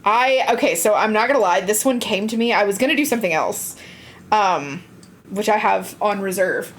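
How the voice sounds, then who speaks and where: A woman's voice: mid-range voice, lively intonation. A woman co-hosting a podcast and presenting the topic, casual and profane, often restarting her sentences. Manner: halting, many restarts, profane. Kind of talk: casual chat.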